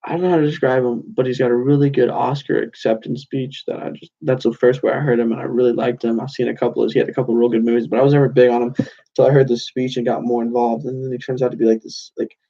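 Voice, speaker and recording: A man's voice: mid-range voice, level tone, fast, dark tone, muffled recording. A young man rambling casually to his channel's viewers, loose and meandering with lots of fillers and restarts. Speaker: channel host. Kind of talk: casual rambling monologue to camera.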